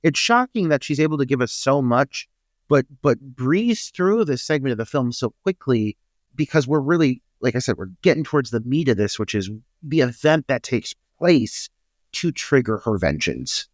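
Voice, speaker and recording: An emphatic man whose pitch swings up and down a lot as he talks. He sounds indignant, repeats his points and swears as he discusses a film with his co-host. His voice is close and dry, with no room sound. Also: animated, moderate pace, no echo. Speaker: podcast co-host.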